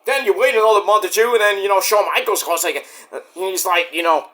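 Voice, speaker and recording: A man's voice: high voice, brisk, hardly any pauses, a bit bright. A man ranting casually about wrestling, profane and rambling, acting out quoted voices along the way. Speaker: wrestling commentary vlogger. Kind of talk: casual rant.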